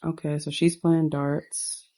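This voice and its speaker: Speaking slowly in a low, mellow voice with little rise and fall, a woman tells the story of a life-sim game in an easygoing way. She chats to her audience as "you guys," with fillers scattered throughout.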